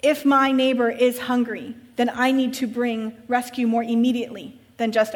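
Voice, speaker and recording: A woman's voice: fairly high pitch, steady tone, normal speed, hardly any pauses. A woman pastor giving a church vision talk in a conversational way, with wry humorous asides. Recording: long reverb of a large hall.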